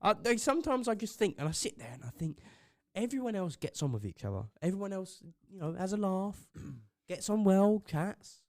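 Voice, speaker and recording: A man's voice: high voice, expressive, normal speed, hardly any pauses, no room sound, studio quality. A young man, co-hosting a podcast, telling rambling, sweary work stories and acting out what others said. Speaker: podcast co-host. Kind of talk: casual chat.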